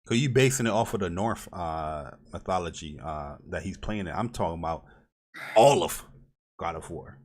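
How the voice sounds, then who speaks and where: Podcast co-host, a man with a fairly low voice, excitable and rambling. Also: moderate pace. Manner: hyped, rambling with many fillers. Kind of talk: casual gaming podcast chat.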